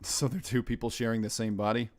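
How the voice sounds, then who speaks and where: A young American man streams himself reading a visual novel aloud, talking fast in a medium-pitched voice. Between lines he rambles in animated commentary and laughs, with some background noise.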